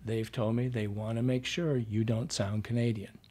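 A middle-aged man with a husky, slightly rough voice talks about his work as a dialect coach. He tells casual stories in an interview, acting out his own past lines in quotes. His pitch sits in an ordinary male middle range. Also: moderate pace. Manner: animated anecdotes, quoting himself and others.

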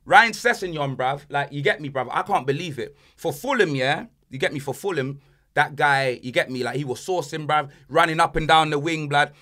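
Brief: young lad, high bright voice, comic ranting podcast host. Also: male voice, moderate pace. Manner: animated, joking rants. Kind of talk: casual banter podcast.

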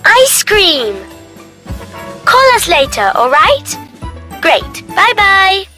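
A woman voicing Emma, a cheerful chatty preschool cartoon character who speaks slowly and sing-song to a child watching. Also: very high-pitched, sing-song, pushed and bright, soft background music, full character voice. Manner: sing-song, slow, addressing a child viewer.

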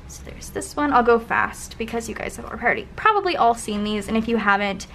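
A young woman chats her way through old planner spreads, gushing and dropping into soft, breathy asides. Her voice sits a little high. A faint background hiss runs under the home recording. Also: expressive, brisk. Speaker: planner vlogger. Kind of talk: casual flip-through commentary.

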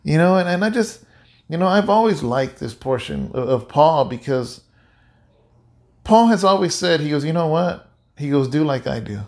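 A male pastor giving an animated, conversational sermon-like talk, often repeating himself. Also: on the high side, moderate pace. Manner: animated, repetitive, conversational preaching. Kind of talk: casual sermon-like chat.

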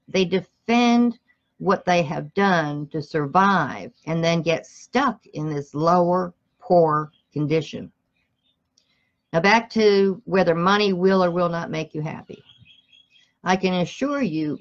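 A woman's voice: fairly low pitch, highs cut off. A woman reading a self-help book aloud, stumbling and correcting herself now and then, and breaking off to speak straight to her listeners. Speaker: motivational reader.

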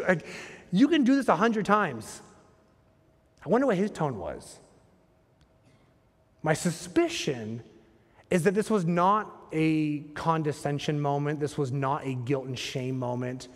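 A man's voice: fairly high pitch, expressive, unhurried, pauses often. Man preaching in a reverberant church. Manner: conversational, rhetorical questions to the congregation. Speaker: pastor. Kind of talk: sermon. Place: church sanctuary.

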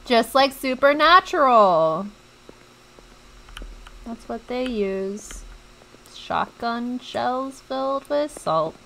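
Bright, animated young woman streamer. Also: a little high, extremely slow, gravelly, pauses often, low-quality recording. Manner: chatty, jumpy, talks to viewers while playing. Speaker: game streamer. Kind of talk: let's play commentary.

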